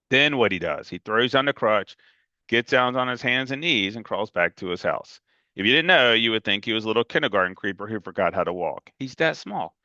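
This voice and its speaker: A man's voice: on the low side, bright, forceful tone, dry recording, lo-fi sound. A man reading a novel aloud in a casual, emphatic first-person storytelling manner. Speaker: reader.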